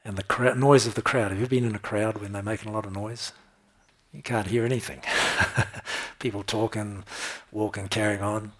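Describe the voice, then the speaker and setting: Husky low-voiced man preaching. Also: steady tone, normal speed. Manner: preaching with frequent "right?" and "okay?" checks to listeners. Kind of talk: sermon.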